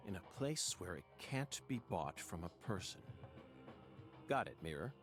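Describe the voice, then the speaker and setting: Eccentric agent, lively swooping pitch, formal and musing, with faint music behind. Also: male voice, a little slow. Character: eccentric male FBI agent, musing and theatrical. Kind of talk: video game dialogue.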